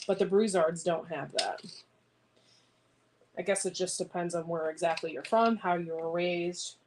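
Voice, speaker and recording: A woman chatting casually on a homesteading vlog, rambling and answering viewer comments while she cuts beans in her home kitchen. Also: on the low side. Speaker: homesteading vlogger. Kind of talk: casual livestream chat. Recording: clear background noise with clicks.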